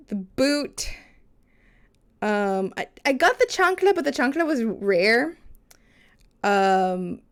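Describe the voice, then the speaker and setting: Chatty young woman streamer, slightly high. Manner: chatty, reads game text aloud, answers chat. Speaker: live streamer. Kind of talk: casual chat while reading a story game aloud.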